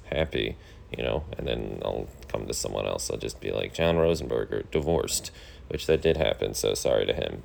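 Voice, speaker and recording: A thirty-year-old man hosts his own podcast, rambling through a casual monologue in a deadpan, complaining tone full of fillers. His voice is extremely low with vocal fry, and there's a little hiss or hum in the background.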